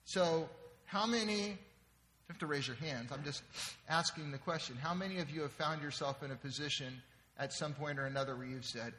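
A man's voice: medium pitch, brisk, a bit bright. A man preaching a sermon in a conversational way, often checking in with the congregation. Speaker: pastor. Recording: long reverb in a large hall.

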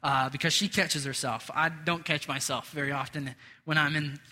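A man delivers a conversational sermon in a high, piercingly bright voice, chatting with the congregation and poking fun at himself. His words ring out with a long reverb, as in a large hall. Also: fairly even intonation, moderate pace. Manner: casual, chatty, self-deprecating asides. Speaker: pastor.

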